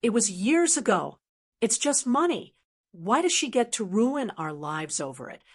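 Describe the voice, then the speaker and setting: A woman playing a shrill resentful wife. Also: very animated, unhurried, slightly rough, exaggerated voice. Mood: resentful fury. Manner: indignant, yelling.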